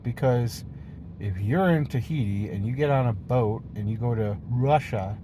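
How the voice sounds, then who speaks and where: A man talks in a loose, meandering vlog, hopping from one idea to the next with a silly, playful streak and plenty of casual swearing. His voice sits at an ordinary middle pitch, with a faint hiss of noise underneath. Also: moderate pace. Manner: meandering, jumps between topics, swears freely. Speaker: vlogger. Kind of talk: rambling casual monologue.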